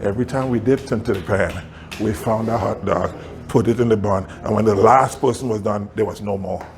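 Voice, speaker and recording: A male pastor telling a story in a sermon, animated, often laughing and acting out what people said. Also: fairly low pitch, fairly quick.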